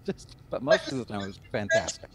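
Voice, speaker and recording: Man, director, lively up-and-down voice, laughing, faint background noise, video call. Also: on the low side, a little fast. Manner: animated storytelling with laughter. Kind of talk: casual video call interview.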